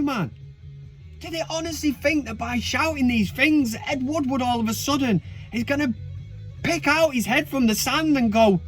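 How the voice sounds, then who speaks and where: Mancunian man in his 30s, football vlog host, high voice, sweary and sarcastic delivery. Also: normal speed, faint music behind. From Manchester, England. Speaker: football fan vlogger. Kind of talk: casual ranting commentary.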